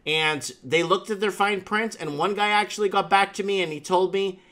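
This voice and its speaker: Guy hosting a chatty talk show, kinda high voice, tells stories over and over with lots of emphasis. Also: moderate pace, hardly any pauses, fairly bright tone. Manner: emphatic storytelling with repeated catchphrases. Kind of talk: casual chat.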